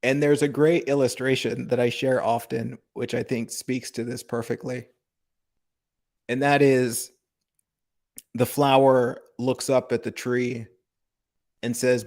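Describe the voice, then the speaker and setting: Male spiritual teacher, unhurried and gravelly, even-toned, contemplative live-stream host. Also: mid-range voice. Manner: calm, contemplative, asks rhetorical questions, laughs softly. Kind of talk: slow reflective spiritual talk.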